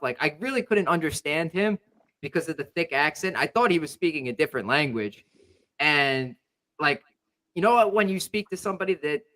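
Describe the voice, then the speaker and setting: Bright, higher-voiced young man telling a story. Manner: rambling storyteller, many fillers. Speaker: podcast host. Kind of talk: casual sports chat.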